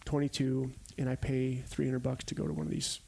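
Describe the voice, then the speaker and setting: A man's voice: mid-range voice, expressive, fairly quick, gravelly, a little mellow, breathy edge. A man in his forties from Arizona, a podcast guest telling stories casually and animatedly, acting out the quotes. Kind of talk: casual storytelling.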